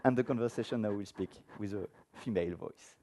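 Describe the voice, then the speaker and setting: Speaking informally to an audience in a conference room, a man gives a technical talk with a live demo and asks the crowd questions. His voice sits on the low side and sounds mellow, and he talks briskly.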